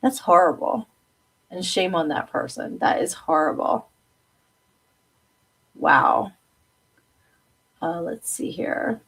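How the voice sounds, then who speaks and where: Female stream host, relaxed chat, lively and quick to laugh, slightly low voice. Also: vocal fry, husky. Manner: chatty and animated, often laughing. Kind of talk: casual live-stream chat reading comments.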